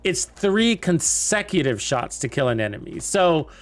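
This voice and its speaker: Unhurried and sing-song, this young man's higher voice carries loose, wandering commentary over a video game, full of filler words aimed at his viewers.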